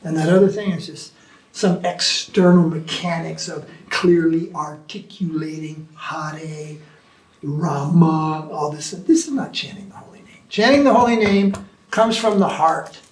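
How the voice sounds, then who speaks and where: High-voiced man teaching in an echoey room. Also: a little slow, far from the mic. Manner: animated storytelling, mimics chanting. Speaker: spiritual teacher answering questions. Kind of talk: informal Q&A talk.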